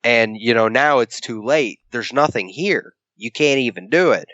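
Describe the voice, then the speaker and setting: A medium-pitched, animated man co-hosts a podcast at a moderate pace, his voice fairly bright in dull lo-fi audio with no echo. His casual chat turns into a lengthy retelling of a comic book's story, complete with acted-out character lines and free swearing.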